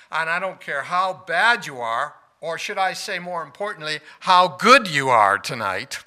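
A man preaching a sermon, swinging between loud stressed lines and quiet asides and asking his listeners questions. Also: fairly high pitch.

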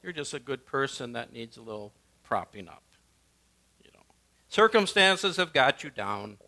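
A male pastor preaches in a clear, bright voice. His delivery swings between forceful, emphatic lines and quiet, hushed ones. His pitch sits in the middle of the male range. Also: big pitch swings, normal speed. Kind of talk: sermon.

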